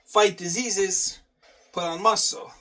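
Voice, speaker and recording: A man's voice: sits high, steady tone, slow pace, a bit bright, distant mic, soft background music. A man talking casually through his day and a workout, repeating phrases and swearing offhand. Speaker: vlogger.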